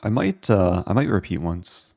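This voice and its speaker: Man, chess streamer, live commentary, low voice, dry close sound. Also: very animated, normal speed, gravelly, dark tone, dry recording. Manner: thinking aloud while calculating moves.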